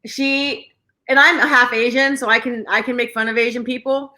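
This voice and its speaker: Bubbly lady cohost, swears a lot, laughs while talking, bright sharp voice. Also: on the high side, steady tone, moderate pace. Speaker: podcast co-host. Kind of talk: casual podcast chat.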